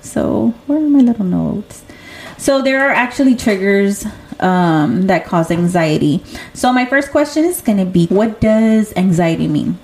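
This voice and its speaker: A young woman hosts a casual chat, telling stories animatedly and loosely and laughing often. Her voice is medium-pitched and her pace measured.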